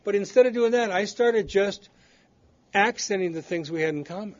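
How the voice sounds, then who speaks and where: A man's voice: sits high, normal speed. An older man at a recovery study meeting, telling personal stories in a blunt, candid, self-deprecating way. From United States. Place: meeting room. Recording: dull lo-fi recording.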